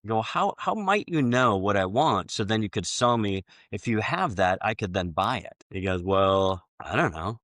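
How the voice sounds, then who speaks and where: A man hosting a podcast, chatting casually and acting out both sides of sales conversations, with many halting restarts. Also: lowish voice, lively intonation, a bit bright, no room sound, clean studio sound. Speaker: podcast host.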